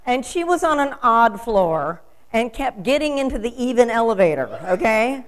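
Older woman, sermon, storytelling, emphatic rhetorical questions, fairly high pitch. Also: very animated, moderate pace, rough recording.

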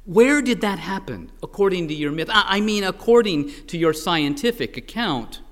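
A man's voice: sits high, expressive, normal speed, fairly bright tone, big-room sound. A man voicing an eager, nervously polite anthropologist who stammers now and then.

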